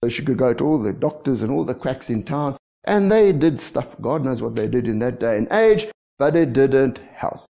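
Gravelly, animated preacher. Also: male voice, medium pitch, normal speed. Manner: lively preaching with frequent call-and-response asides. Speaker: pastor. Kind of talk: sermon. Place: church. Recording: dull lo-fi church recording.

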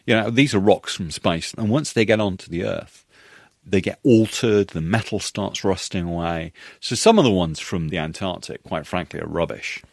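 A man's voice: low voice, normal speed, gravelly, no room sound. A male scientist being interviewed, talking with wry, dry humor. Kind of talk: conversational interview.

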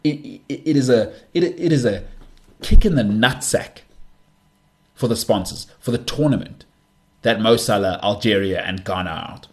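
A man's voice: fairly low pitch, normal speed. Emphatic man ranting about sport. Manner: emphatic, repeats himself, animated rants. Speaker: podcast host. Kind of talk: opinionated sports talk.

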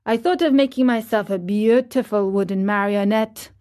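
A woman voicing a hot-tempered little old carpenter, quarrelsome and quick to take offence, in a storybook reading. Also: mid-range voice, dark tone, lightly acted. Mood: eager. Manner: quarrelsome, indignant.

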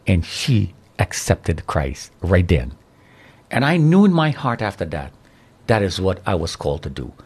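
A middle-aged man giving his testimony in an interview, telling it with animated storytelling and a preaching tone. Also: sits low, breathy edge. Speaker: interview guest, survivor.

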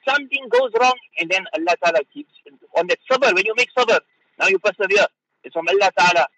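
A man, a mufti, giving an unscripted religious talk on the radio, halting with fillers and repeated words. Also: sits high, pushed and bright, poor audio.

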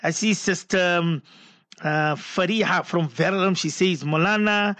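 Male radio presenter, high and bright, casual and chatty, thinks aloud on air. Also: measured pace, no echo. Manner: chatty, muses aloud and stumbles over pronunciations. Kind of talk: casual on-air chat reading listener messages.

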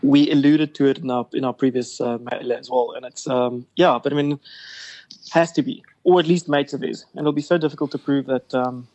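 A man's voice: medium pitch, fairly even intonation, a little fast, a little mellow, highs cut off. A man, an investment company boss, talking business in a rambling, chatty way with lots of fillers. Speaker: investment company CEO guest. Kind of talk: casual radio business interview.

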